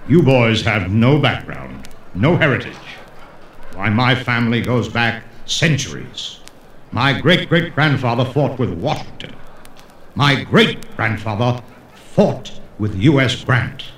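A man's voice: mid-range voice, sing-song, fairly bright tone. A man doing a pompous, boastful old-money blowhard. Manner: slow, pompous declaiming. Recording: echoey room, faint hiss.

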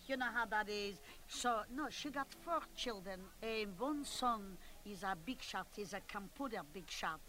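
A woman talks her way through a comic monologue as the chair of a club meeting. She is chatty and bossy, with broken-English phrasing. Her voice is high and bright. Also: slight background noise, poor audio.

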